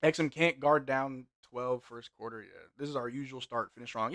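A man hosting a live basketball watch-along, reading chat aloud and reacting, swinging from loud hype to quiet mutters. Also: medium pitch, normal speed, few pauses, dry recording, clean studio sound.

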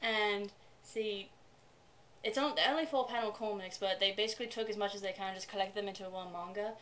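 A woman's voice: mid-range voice, fairly quick, fairly bright tone, a little hiss or hum. A woman co-hosting a casual anime review in a chatty, rambling way, swearing now and then. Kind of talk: casual co-hosted review chat.

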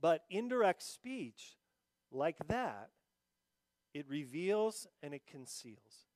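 A male pastor preaches in a fairly high voice, talking casually and then rising into emphatic bursts before dropping low and slow. The sound is close and dry, with no room around it. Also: sing-song, darkish tone, no room sound. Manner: acts out quoted listeners in mock confusion. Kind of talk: sermon.

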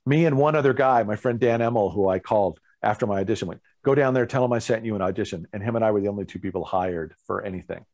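Animated man telling a story. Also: fairly low pitch, quick pace, hardly any pauses. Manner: animated, acts out other people's lines with laughs. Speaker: guest musician, bassist. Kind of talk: casual storytelling interview.

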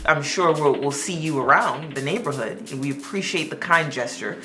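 A woman voicing a polite, laid-back young boyfriend in her own low voice, in a narrated story. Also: normal speed, bright, forceful tone, faint music behind. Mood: easygoing. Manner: polite, easygoing.

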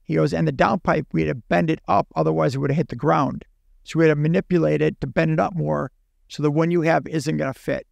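Gravelly man telling a lively story. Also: on the high side, dry recording, muffled recording. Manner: animated, acts out dialogue in quick bursts. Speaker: podcast guest. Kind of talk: casual storytelling.

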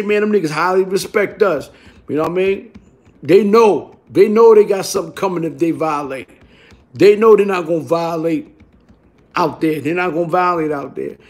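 High-voiced New man, rambling streetwise. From Brooklyn, New York. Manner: streetwise, profane, repeats "you heard?" tags. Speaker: vlogger.

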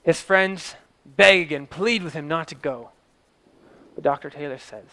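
A man's voice: a little high, fairly even intonation, normal speed, fairly bright tone, clear, resonant tone. A man telling a story in a vivid present-tense style, swelling and dropping his voice for drama.

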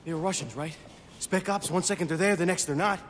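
An actor playing a rattled male soldier in a video game cutscene, talking in a quick, shaken way. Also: high voice, long reverb tail, slight background noise, lightly acted.

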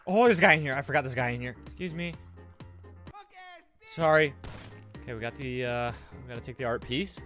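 A young man giving casual commentary while playing a game, excitable and quick to jump into high yells. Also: soft background music. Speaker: gaming streamer.

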